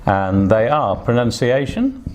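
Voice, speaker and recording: A man's voice: mid-range voice, very animated, a little slow, noisy background. A man teaching an online English speaking test lesson, patient and encouraging, with frequent fillers as he explains.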